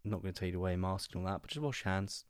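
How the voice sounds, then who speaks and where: A man with a notably low voice hosts a casual podcast interview while fighting a cold. His tone is stuffed-up and nasal, and he keeps things chatty and upbeat. The sound is dry and close to the mic. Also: rapid-fire, clear, resonant tone, no echo. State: congested with a cold. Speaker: podcast host.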